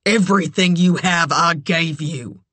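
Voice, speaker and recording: A reader voicing a possessive, volatile man in an audiobook thriller, speaking slowly and low with sudden shouts. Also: very animated, no room sound, full character voice. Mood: obsessive. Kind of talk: audiobook character voice.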